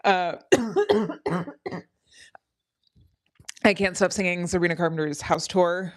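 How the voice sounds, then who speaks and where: A woman's voice: fairly low pitch, slow pace, long pauses. A woman chatting casually on a live study stream, rambling with frequent ums and laughing often. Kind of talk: casual livestream chat.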